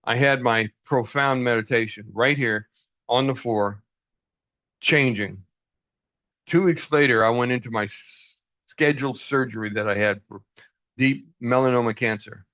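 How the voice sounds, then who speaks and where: A man's voice: mid-range voice, unhurried, a bit bright, dry recording. Earnest man on a dull call. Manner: earnest, laughs often, acts out dialogue. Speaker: group leader. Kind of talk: casual group talk. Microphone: video call. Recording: dull, dry video call audio.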